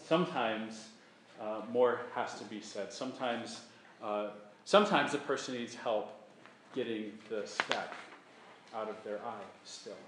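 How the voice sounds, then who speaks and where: A man's voice: on the low side, a little slow, roomy sound, noisy background. A man preaching a sermon as a pastor, earnest, repeating his key points and acting out sample apologies. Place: church sanctuary.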